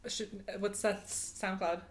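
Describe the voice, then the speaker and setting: A woman's voice: mid-range voice, level tone, slow pace. A young woman co-hosting a casual chat podcast, cracking dry teasing quips and laughing a lot. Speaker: podcast co-host.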